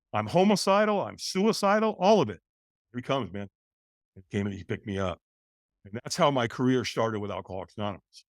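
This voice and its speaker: An older man in his sixties tells his own story as a podcast guest. He is animated and acts out the voices of the people in it. The voice has a middle pitch and a dry, close sound. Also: dry recording. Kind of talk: storytelling interview.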